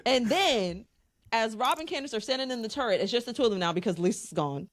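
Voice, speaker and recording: A woman's voice: a little high, lively intonation, fast talker, no room sound. A woman co-hosting a pop culture podcast, telling gossip in an emphatic, playful, profane way. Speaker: podcast co-host. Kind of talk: casual chat.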